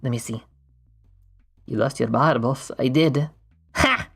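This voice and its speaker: Playful woman streamer, very deep voice, slow unhurried chat while drawing, desk mic. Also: gravelly, slightly rough, soft background music. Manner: playful and goofy, breaks into laughs and silly voices.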